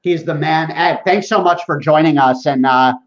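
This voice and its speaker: An upbeat man hosts a casual podcast and talks up his guest with energy. His voice sits slightly high. The audio sounds a little dull and lo-fi. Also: moderate pace. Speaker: podcast host.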